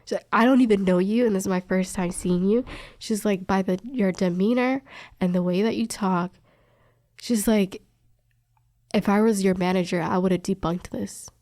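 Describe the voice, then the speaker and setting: A woman's voice: mid-range voice, steady tone, normal speed, warm tone, no room sound, clean studio sound. A young woman, a respiratory therapist, candidly recounting her work experience in an emphatic, storytelling way. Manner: candid, emphatic, quotes others' words. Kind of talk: personal storytelling interview.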